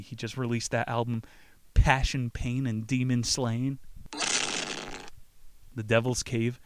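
A man hosts a podcast in a loose, blunt, offhand way. His voice is smooth and resonant at a middle pitch. The sound is dry and close, with no room around it. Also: dry recording. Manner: blunt, swears casually. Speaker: podcast host. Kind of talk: casual chat.

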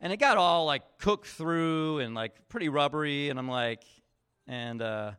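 Male pastor, relaxed storytelling sermon, slightly high voice, filler-heavy, acts out quotes. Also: a little slow, smooth. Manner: chatty, leans on fillers like "like" and "you know". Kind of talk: conversational sermon.

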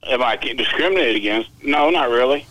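A man's voice: medium pitch, animated, a little fast, a bit bright, dry recording, low-quality recording. A man calling in to a radio show, talking bluntly and dismissively as he argues with the host. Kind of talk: call-in phone conversation.

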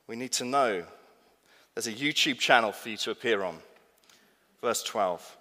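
A man's voice: medium pitch, expressive, measured pace, pushed and bright. A man preaching a sermon as pastor, emphatic and asking the congregation questions. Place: church. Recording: long reverb of a church hall.

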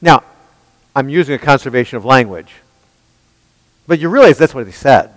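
A man preaching a sermon in an emphatic way, asking his listeners rhetorical questions and swinging between loud and hushed passages. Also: mid-range voice, animated, a little fast, no room sound, poor audio.

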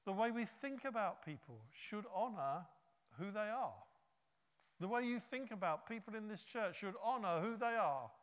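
A man preaching a sermon, telling a story with lively acted-out quotes. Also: high-pitched, normal speed, long reverb tail. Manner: animated storytelling, acts out quotes.

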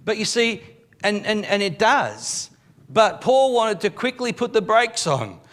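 High-voiced male pastor preaching a sermon. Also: lively intonation, measured pace, a bit bright. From Australia. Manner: expository preaching, reads scripture aloud and explains it; repeats words when starting sentences. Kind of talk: live sermon. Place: church.

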